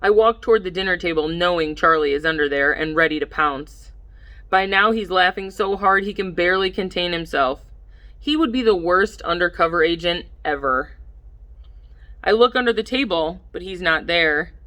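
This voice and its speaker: A woman reads a first-person audiobook at a measured pace, her voice slightly low but very bright and forward. Whenever characters speak, her delivery lifts and turns lively.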